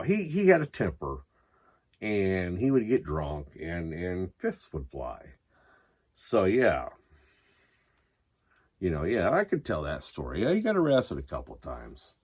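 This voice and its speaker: A man vlogging about metal while drunk and high, rambling loosely and swearing as he talks. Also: wildly swooping pitch, takes it slowly, long pauses. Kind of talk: rambling casual vlog.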